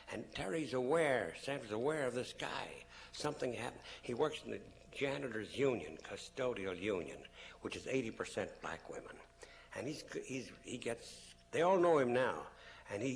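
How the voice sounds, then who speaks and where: A man's voice: lowish voice, slight background noise. A man giving a public lecture to an audience, telling stories animatedly and acting out the people he quotes. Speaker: public speaker.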